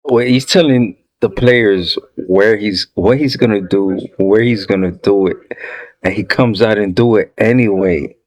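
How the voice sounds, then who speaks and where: A man with a very deep voice talks slowly through a casual reaction video. He stays laid-back and amused, dropping short remarks between clips and asking viewers to like the video. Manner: relaxed, amused, drawn-out remarks.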